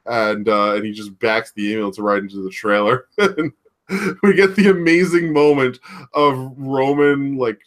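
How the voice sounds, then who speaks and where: Man, podcast co-host, casual chat, rambling, filler-heavy, average pitch. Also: moderate pace. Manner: rambling recap with many fillers and restarts; laughs often, acts out quoted shouts.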